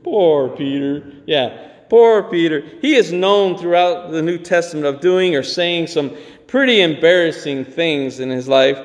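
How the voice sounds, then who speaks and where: A man delivers a sermon with earnest, halting sincerity, doubling back on words and letting out short chuckles. His voice sits a bit high for a man. The sound rings with the long reverb of a large church hall. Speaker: pastor.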